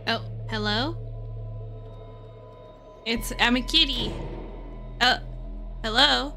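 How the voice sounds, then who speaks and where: A woman's voice: fairly high pitch, takes it slowly, vocal fry, sharp tone, soft background music. A woman streaming a game playthrough, playful and cutesy, chatting to chat and meowing at characters.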